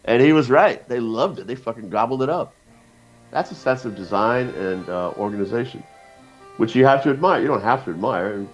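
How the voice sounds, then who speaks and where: A man in a casual podcast conversation, a profane, rambling storyteller who throws in lively quoted voices. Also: medium pitch, a little fast, faint music behind. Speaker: guest cartoonist. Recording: dull lo-fi podcast audio.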